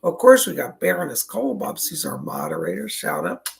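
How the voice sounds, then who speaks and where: Raspy, chatty psychic host. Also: male voice, high voice, wildly swooping pitch, a little fast. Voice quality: raspy, strained from a cold. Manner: chatty, effusive, greets viewers by name. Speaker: psychic medium livestream host. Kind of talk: casual livestream chat. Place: indoors at a table.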